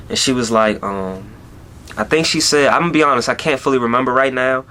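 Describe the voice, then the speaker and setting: A man's voice: medium pitch, a little fast, bright, forceful tone, slight background noise. A young man talking through a personal story on his vlog, rambling along with plenty of "you know" and "like" in a casual way. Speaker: YouTuber.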